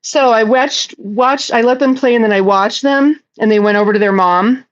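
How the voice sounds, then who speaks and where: A woman with a fairly high voice hosts a casual livestream chat, speaking at normal speed through audio with the highs cut off. She reads viewer comments aloud and answers them in a blunt, profane, talkative way.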